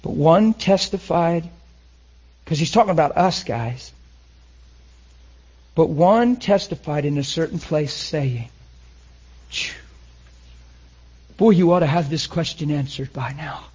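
Husky emotional preacher man. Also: on the high side, takes it slowly, pauses often, dull audio. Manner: emotional, swings from loud to hushed. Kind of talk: sermon.

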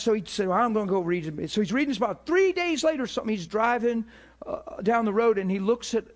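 A man preaching a sermon, emphatic and fervent, dropping to a hush for stories and building to loud peaks. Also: high voice.

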